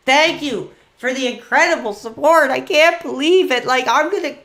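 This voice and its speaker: A man hosting a call-in livestream, talking in an excitable way, repeating himself and swapping in mild stand-in swears. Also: extremely high pitch, moderate pace. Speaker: livestream host taking calls. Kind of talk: hyped call-in livestream chat.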